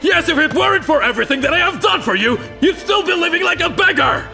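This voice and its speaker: A man's voice: lowish voice, lively intonation, unhurried, faint music behind. An actor dubbing a ruthless rich businessman father who gives curt, commanding orders. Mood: raging. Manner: curt, commanding, then shouting.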